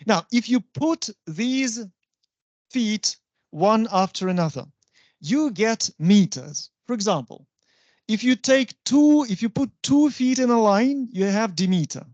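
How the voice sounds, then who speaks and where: A university lecturer, explaining patiently and often checking understanding with a quick "right?". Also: mid-range voice, animated, darkish tone, no room sound. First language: Russian. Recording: dull, dry lo-fi recording.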